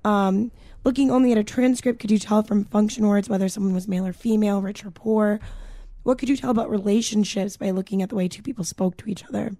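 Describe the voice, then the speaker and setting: A woman co-hosting a casual podcast rambles through a story and swears freely. Her voice is mellow and dark. The sound is dry and close. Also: mid-range voice, steady tone, quick pace, no echo. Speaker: podcast co-host. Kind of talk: casual chat.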